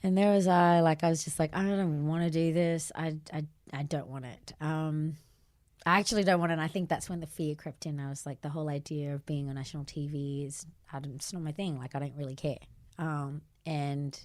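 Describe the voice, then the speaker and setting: A woman in her thirties with an Australian accent, a podcast guest telling a story in casual chat, animated and acting out the people in her tale. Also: low voice, a little fast. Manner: animated, acts out voices in her anecdote, laughs often. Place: podcast studio.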